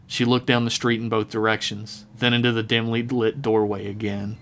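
A man reading a dark horror story aloud in a steady, measured narration. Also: lowish voice, slight background noise. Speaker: podcast storyteller.

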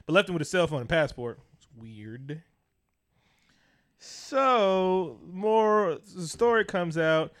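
A man's voice: fairly high pitch, fairly bright tone, clean tone. A man, co-hosting a casual podcast and ranting with heavy profanity. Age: 30s. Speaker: podcast co-host. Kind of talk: casual chat.

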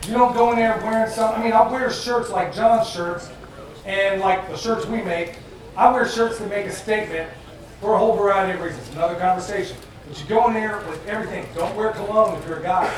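A man with a high voice speaks to a crowd at an event, loose, jokey and plain-spoken. He sounds distant from the microphone, and the room is very echoey. Steady noise sits behind him throughout. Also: fairly quick. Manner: joking, conversational, plain-spoken. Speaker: festival presenter. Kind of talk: live talk to an audience. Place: event venue with audience. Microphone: far from the mic.

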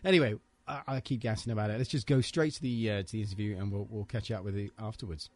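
A man's voice: lowish voice, fairly even intonation, quick pace, a little mellow, dry recording, soft background music. Enthusiastic man hosting a podcast. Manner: enthusiastic, rambling, with fillers. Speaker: podcast host. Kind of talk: casual podcast chat. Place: hotel room with soft furnishings.

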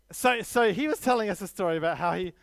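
A man's voice: sits high, gravelly, no echo. A man preaching a sermon, emphatic, with stories and light self-deprecating humor.

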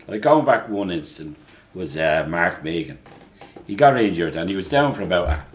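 A man's voice: deep voice, sing-song, normal speed, a little hiss or hum. An older man telling laughing anecdotes in a casual chat. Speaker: guest telling stories.

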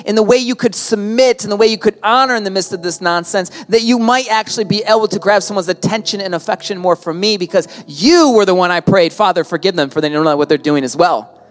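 A man's voice: high-pitched, voice pushed up, lightly acted. A man voicing God, earnest and raised. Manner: earnest, coaxing, repeating phrases for emphasis. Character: God, an encouraging, fatherly voice speaking to a believer.

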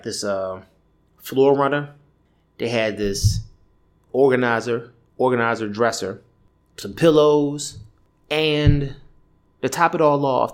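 A man in his thirties hosting a podcast alone, telling a rambling, profane story in casual chat. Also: medium pitch. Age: 30s. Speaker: podcast host. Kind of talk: casual solo rant.

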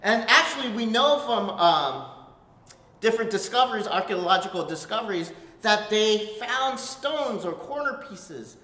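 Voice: medium pitch, expressive, unhurried, pushed and bright, echoey room, long reverb tail. A pastor preaching a conversational sermon and checking in with "right?" asides.

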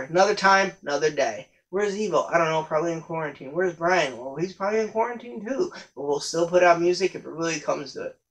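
A young podcast host tells stories in a loose, rambling monologue, swearing often and correcting himself as he goes. His voice runs on the high side, and the recording is rough.

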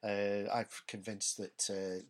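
A man's voice: fairly low pitch, little pitch movement, takes it slowly. A Scottish man co-hosting a podcast, chatting casually about comedy shows in a rambling way, searching for words and correcting himself as he goes. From Scotland. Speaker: podcast co-host. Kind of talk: casual comedy review chat.

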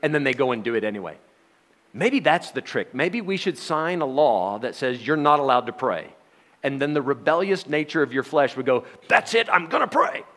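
A man's voice: mid-range voice, expressive, normal speed, fairly bright tone, big-room sound. A middle-aged man giving a Bible study sermon, talking in a conversational way with rhetorical questions and wry sarcastic asides. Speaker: Bible teacher.

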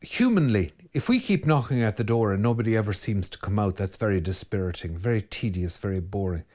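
An Irish man, a Catholic priest, giving a spoken sermon on prayer in an urgent, exhorting way, talking straight to his listeners with quick commands. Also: fairly low pitch, animated, darkish tone. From Ireland. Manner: urgent, exhorting, direct address with rapid commands.

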